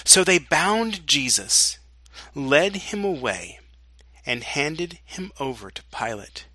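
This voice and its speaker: A pastor reading a scripture passage aloud in a slow, deliberate way. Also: male voice, on the high side, expressive, bright, forceful tone, no echo. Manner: slow and deliberate reading, with dramatic quoted lines.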